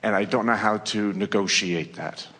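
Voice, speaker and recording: Man, audience questioner, very low voice, earnest, hesitant, reverberant hall. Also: fairly even intonation, moderate pace, a bit bright. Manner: earnest, hesitant, searching for words. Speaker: audience member asking a question. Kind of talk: personal question at a seminar.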